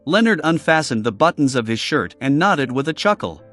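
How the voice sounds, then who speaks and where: A man reading a fantasy light novel aloud as scripted narration, with an expressive delivery. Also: fairly high pitch, brisk, soft background music. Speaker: audiobook narrator.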